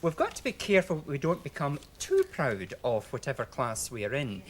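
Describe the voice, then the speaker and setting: A man's voice: medium pitch, huge pitch swings, normal speed, a little hiss or hum. Earnest man in an audience. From Glasgow. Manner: earnest, emphatic. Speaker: audience member.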